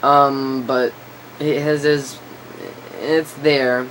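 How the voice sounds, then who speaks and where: A man's voice: medium pitch, little pitch movement, drawn-out words, a bit bright, a little hiss or hum. A teenage boy telling a story to camera in a rambling casual way, full of fillers, his voice breaking and cracking now and then. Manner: rambling, lots of filler and restarts. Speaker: vlogger.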